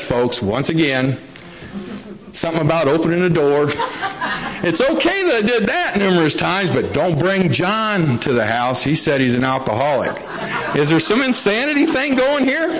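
A middle-aged man telling a humorous recovery story to an audience in a folksy, jokey, plain-spoken way. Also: on the high side. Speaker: speaker sharing a recovery story. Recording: dull lo-fi recording.

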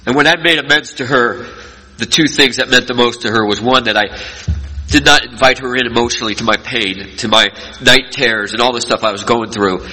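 A middle-aged man giving an earnest personal recovery talk to an audience, telling stories and dropping between loud and quiet. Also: medium pitch, fairly quick, slightly rough. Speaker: recovery speaker. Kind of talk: personal testimony speech to an audience. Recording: long reverb from a large hall.

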